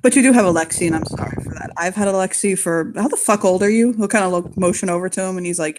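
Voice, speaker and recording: A woman's voice: medium pitch, quick pace, hardly any pauses, darkish tone. A woman playing a tabletop game, chatting brashly and profanely and laughing often. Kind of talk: casual in-game chat.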